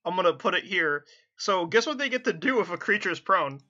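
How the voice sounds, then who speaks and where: Playing a tabletop game online in casual chat, a man counts his dice rolls aloud, stumbling and correcting himself. His high, animated voice moves briskly with a sharp tone, and the highs are cut off.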